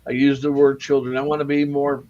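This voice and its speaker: A man's voice: medium pitch, level tone, a little fast, warm tone. Ozarks guy who plays santa, rambling stories, mid voice, muffled lo-fi audio. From Missouri Ozarks. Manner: rambling anecdotes with stammered restarts. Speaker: Santa performer. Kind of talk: casual studio chat.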